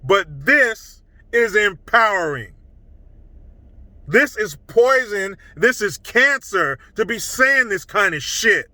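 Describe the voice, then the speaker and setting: Middle-aged male commentator, emphatic and scornful; high, very bright voice. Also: big pitch swings, slow, no echo, rough recording. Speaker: political commentary vlogger. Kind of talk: opinionated monologue.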